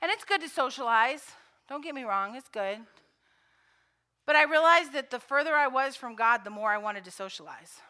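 Very high bright woman pastor preaching. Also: expressive, moderate pace. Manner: conversational storytelling preaching; swells to loud fervent repetition. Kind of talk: sermon.

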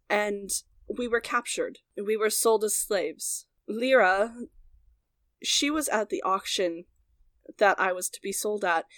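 Composed female tiefling teacher, woman GM voicing, dry close sound, mid pitch. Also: fairly bright tone, no echo.

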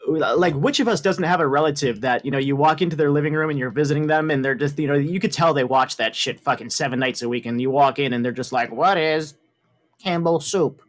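A man's voice: medium pitch, fairly even intonation, fast, few pauses. A man co-hosting a podcast in casual chat, laid-back and agreeable, telling anecdotes with a laugh. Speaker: podcast co-host.

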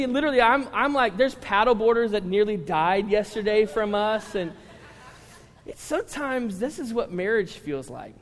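A man's voice: sits high, expressive, normal speed. A man preaching a sermon to his congregation, telling stories with humor and talking directly to the listeners. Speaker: pastor. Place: large church hall with congregation. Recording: live sermon in a reverberant hall.

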